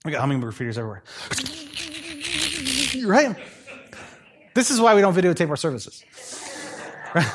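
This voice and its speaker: A male pastor preaching a sermon in a conversational, animated way, telling stories with playful asides. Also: a little high, normal speed, long pauses, noisy background.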